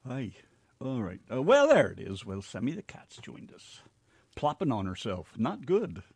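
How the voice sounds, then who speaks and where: An American man co-hosting a casual online radio show, joking and teasing with loud laughs. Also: medium pitch, wildly swooping pitch, measured pace, husky, no room sound. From United States. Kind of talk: casual banter with co-host and chat.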